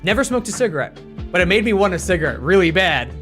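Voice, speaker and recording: An American streamer and teacher telling a story casually on a live stream, in an animated, rambling way, full of restarts and fillers. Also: medium pitch, quick pace, soft background music. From United States.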